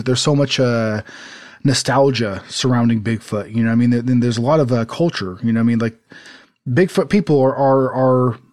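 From his home in a desert city, a man with a mid-range voice and darkish tone co-hosts a casual podcast. He's rambly and quick to laugh, with lots of fillers and false starts.

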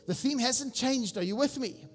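A senior pastor preaching a sermon, exhorting the congregation and asking them questions. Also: male voice, extremely high pitch, normal speed. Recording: long reverb with faint music.

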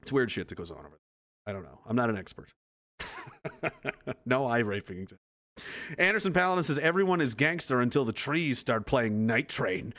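A man's voice: medium pitch, sing-song, moderate pace, long pauses, fairly bright tone. A man hosting a casual livestream, reading chat, rambling and profane and laughing often.

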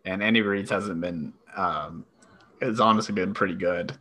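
A laid-back man co-hosting a sports podcast, with a low and husky voice. He chats casually and keeps agreeing with his co-host. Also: moderate pace, pushed and bright. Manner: laid-back, agreeable, many short affirmations.

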